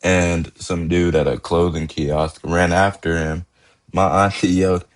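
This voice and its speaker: A man's voice: low voice, level tone, measured pace. A young man hosting a podcast, telling stories in a laid-back, slangy way and laughing as he goes. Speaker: podcast host. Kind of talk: casual storytelling.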